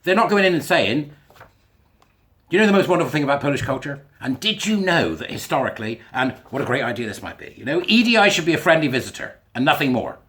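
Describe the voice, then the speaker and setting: A man's voice: fairly high pitch, very animated, quick pace, fairly bright tone. Sarcastic man ranting. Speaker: commentator reading and rebutting a school policy. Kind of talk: ranting commentary.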